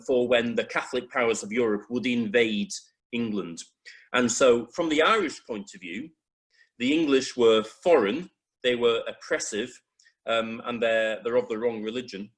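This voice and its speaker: Hesitant man giving a chapel talk. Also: mid-range voice. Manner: hesitant, with frequent ums and restarts. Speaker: preacher. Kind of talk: illustrated history talk.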